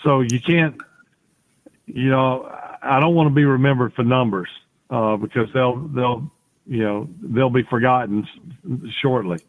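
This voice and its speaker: In tinny, phone-like audio, a man who was once a quarterback rambles through folksy stories on a podcast, backing up and restarting many times. His medium-pitched voice stays fairly even in intonation, and he takes his time.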